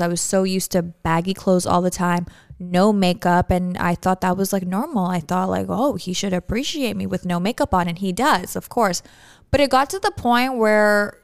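A woman's voice: medium pitch, gravelly, clear, resonant tone, no room sound, studio quality. A young woman from Canada, co-hosting a podcast in casual, candid chat and telling stories with acted-out quotes. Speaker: podcast co-host.

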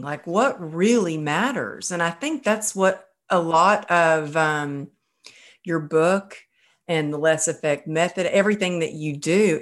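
A woman podcast host in a casual conversation, telling stories about herself in an animated, self-deprecating way. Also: lowish voice.

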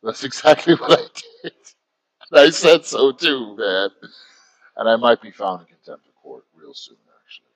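A man's voice: mid-range voice, animated, moderate pace, dry recording, low-quality recording. A man, talking bluntly and heatedly as an interview guest and swearing freely. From United States. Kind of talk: candid interview talk.

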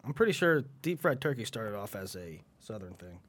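A man's voice: on the low side, sing-song, fairly quick. A man chiming in on a casual chat with teasing remarks. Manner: teasing, chatty interjections.

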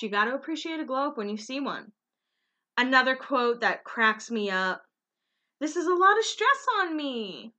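Bright-voiced chatty woman vlogging. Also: a little high. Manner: chatty, rambling, self-correcting, laughs often. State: tired. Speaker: vlogger recapping a reality show. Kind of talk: casual unscripted chat, one take.

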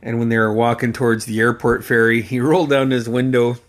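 Remembering his late uncle, a man in his forties tells casual, meandering anecdotes laced with profanity and frequent laughter in the middle of sentences. His mid-range voice shows little pitch movement, and he stumbles along with many fillers and restarts.

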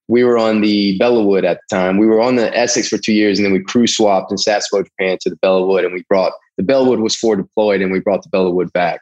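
A middle-aged man from the American South with a Southern accent, telling a long personal story as an interview guest in a rambling, animated way. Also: on the low side, fast, rough recording. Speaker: guest, Navy veteran. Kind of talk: casual storytelling.

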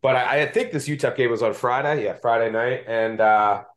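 Brisk and mid-pitched, a man from Delaware County, Pennsylvania runs a sports betting podcast. His talk is chatty and self-deprecating, colored by a Delco accent from the Philadelphia area.

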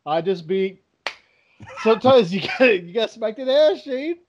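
A man's voice: high-pitched, lively intonation, normal speed, dull audio, slight background noise. A man in casual chat, emphatic and profane, who keeps hammering his points home by repeating his friend's name.

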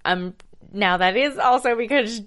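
A woman's voice: on the high side, measured pace, a bit bright. A woman with a mid-range voice giving firm, emphatic opinions in a casual co-host chat. She talks plainly and leans hard on her points. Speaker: co-host of a reality TV recap show.

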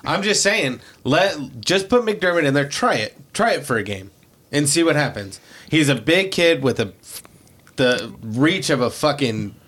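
A man co-hosting a casual podcast, an animated storyteller who swears freely. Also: fairly high pitch, unhurried. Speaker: podcast co-host.

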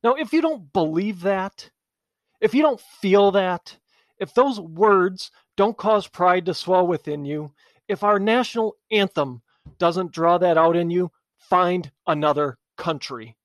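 A man's voice: high voice, measured pace, dry recording. A man hosting a political talk show, delivering an angry, emphatic monologue that is blunt and insulting toward politicians.

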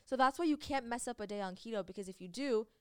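A woman's voice: on the high side, fast, darkish tone, clean tone. A young woman co-hosting a podcast, chatting casually with lots of fillers and bursts of laughter. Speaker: podcast co-host. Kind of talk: casual chat.

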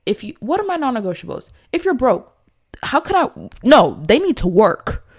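A woman's voice: moderate pace, breathy edge. A young woman talking casually to camera, reading from her notes and giving blunt dating advice with emphatic outbursts and lots of fillers. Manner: emphatic, animated, swings from low asides to loud outbursts; chatty, many fillers and restarts.

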